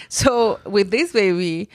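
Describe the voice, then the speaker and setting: A woman's voice: medium pitch, takes it slowly, no room sound. A woman, a mother of three, chatting casually and rambling with many restarts, sometimes dropping in Spanish words. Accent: mixes in Spanish words. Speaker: mother of three talking about her daughters. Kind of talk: casual chat.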